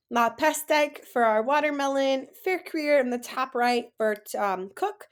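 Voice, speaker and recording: A woman French teacher leading a classroom-style lesson, saying words slowly for students to repeat and praising their answers. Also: a little high. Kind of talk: classroom lesson, slow model pronunciation.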